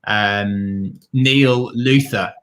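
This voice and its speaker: A man co-hosting a livestream, excitably reading out donations and thanking each donor effusively. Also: fairly low pitch, extremely slow. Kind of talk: casual livestream chat.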